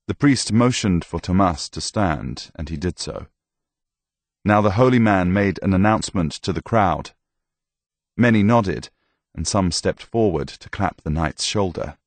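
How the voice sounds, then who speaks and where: A man reading a novel aloud with measured, even storytelling, close to the mic. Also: low-pitched, dry recording. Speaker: audiobook narrator. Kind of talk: scripted narration.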